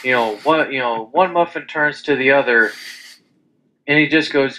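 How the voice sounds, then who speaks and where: A man's voice: mid-range voice, moderate pace, pushed and bright, poor audio. A young man in casual chat, telling rambling stories with lots of restarts and crude language. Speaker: podcast co-host.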